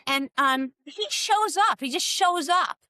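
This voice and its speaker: A woman in her sixties telling lively stories in a casual podcast interview, acting out the voices of people she quotes. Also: high voice, measured pace, dry recording, studio quality. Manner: animated storyteller, acts out quoted voices, laughs often. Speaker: guest, former team soigneur.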